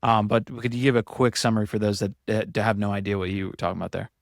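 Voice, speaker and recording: A man's voice: on the low side, steady tone, fast, gravelly, dry recording, studio quality. A man hosting a podcast, asking long rambling questions in a casual interview. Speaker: podcast host.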